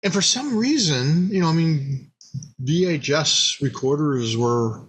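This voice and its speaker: A man's voice: measured pace, husky, rough recording. A man, a company founder, recounting his history in a casual, rambling anecdotal way, full of restarts and repeated words, and acting out quoted dialogue. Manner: animated, acts out quoted dialogue with big pitch jumps.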